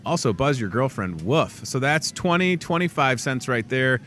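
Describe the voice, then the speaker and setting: A man's voice: moderate pace, slight background noise. A man hosting a casual in-store show, chatting loosely and joking as he runs through the week's deals. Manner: chatty, joking asides, lively swings in pitch. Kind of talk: casual promo chat. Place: grocery store.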